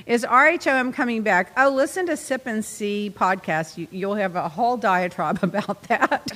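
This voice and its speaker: Bright-voiced chatty woman podcast host. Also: mid-range voice, normal speed, hardly any pauses, long reverb tail. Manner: chatty, laughs often, lively storytelling. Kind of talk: casual chat. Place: podcast studio.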